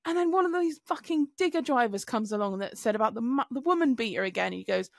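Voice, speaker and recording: A woman on a podcast, telling an animated story with swearing. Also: fairly high pitch, fast, vocal fry, dry recording, clean studio sound. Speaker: podcast co-host. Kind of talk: casual chat.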